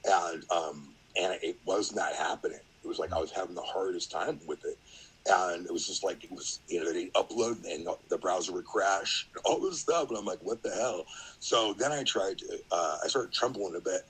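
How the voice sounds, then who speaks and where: A man's voice: deep voice, normal speed, a bit bright, slightly rough, poor audio. A middle-aged man, a podcast guest, telling a story in a rambling, casual way, full of fillers and acted-out quotes.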